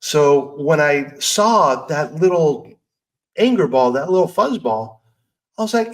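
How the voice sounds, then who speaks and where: A man's voice: fairly high pitch, sing-song, measured pace, rough recording. A middle-aged man hosting a personal growth podcast, speaking earnestly and candidly in a conversational way. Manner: earnest, candid, conversational with self-talk asides. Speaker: podcast host. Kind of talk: personal motivational talk.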